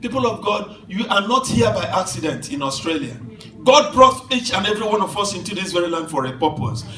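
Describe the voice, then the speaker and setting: Fervent high-voiced preacher in an echoey hall. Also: male voice, animated, fairly quick. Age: 50s. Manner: fervent preaching, shouting to soft, laughs through stories. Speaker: pastor. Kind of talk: sermon. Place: church hall. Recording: echoey church hall from far off, with music.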